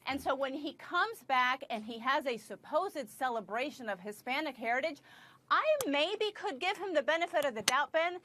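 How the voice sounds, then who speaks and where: A woman's voice: high voice, expressive, moderate pace, bright, forceful tone. A woman from Puerto Rico arguing on a cable news panel, passionate and firm. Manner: passionate, firm, pushes back. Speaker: panel commentator.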